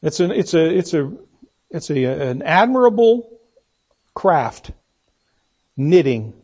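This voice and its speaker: A man's voice: fairly high pitch, big pitch swings, slow, a little mellow, husky. A man preaching an expository sermon in a church, emphatic, repeating key phrases and asking the congregation questions.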